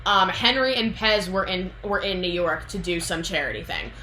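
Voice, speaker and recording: Bright-voiced chatty young woman. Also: fairly low pitch, moderate pace, a little hiss or hum. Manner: chatty, filler-heavy, often laughing. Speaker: video host. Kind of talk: casual chat, retelling a book plot. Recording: echoey room.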